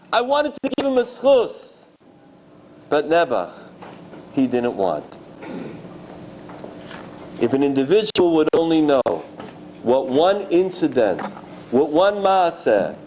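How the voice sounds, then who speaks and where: Animated high-pitched rabbi preaching. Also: male voice, slight background noise. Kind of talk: sermon storytelling. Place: large synagogue gala.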